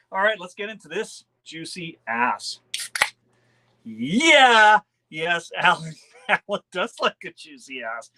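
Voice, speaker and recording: Casual male streamer, bright and a touch high, loose and giggly, talking straight to his chat. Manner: chatty, laughs often, talks to viewers. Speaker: beer channel host.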